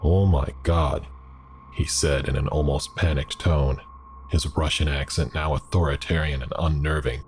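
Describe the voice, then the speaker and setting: A man narrating a horror story in a measured, deliberate scripted reading. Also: very deep voice, fairly even intonation, slight background noise.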